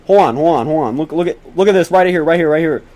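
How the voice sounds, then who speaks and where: A man's voice: a little high, fast. Pleading, repetitive teenage boy streamer. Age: teens. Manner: pleading, whiny, repeats himself over and over; swearing, excitable bursts when spotting storms. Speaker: livestream host tracking storms. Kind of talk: casual livestream commentary to chat.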